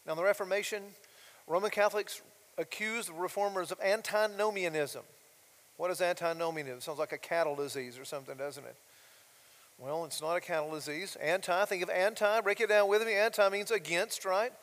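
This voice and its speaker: A man's voice: high-pitched, fairly quick, a bit bright. A male pastor preaching a sermon emphatically, often asking his congregation rhetorical questions. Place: church sanctuary. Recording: long hall reverb.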